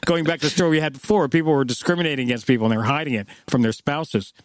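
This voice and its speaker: In a casual chat, a male podcast co-host in his fifties spins loose, rambling stories and acts out the quotes. He races along in a fairly high-pitched voice, with background noise audible.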